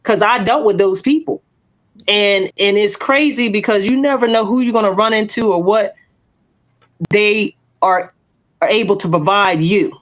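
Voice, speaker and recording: Chatting casually as a podcast co-host, a woman gives bold testimony in a mid-range voice at normal speed. She narrates with animation and acts out what others said in their voices.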